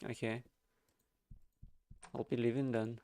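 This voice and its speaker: A man's voice: medium pitch, level tone, slow pace, gravelly, mellow. A man streaming a game, casually thinking aloud and reading its dialogue with chuckles.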